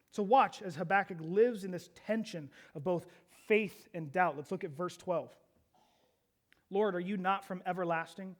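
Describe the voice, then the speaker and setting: A man preaching a sermon as pastor, asking the congregation rhetorical questions and acting out quoted prayers with rising intensity. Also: sits high.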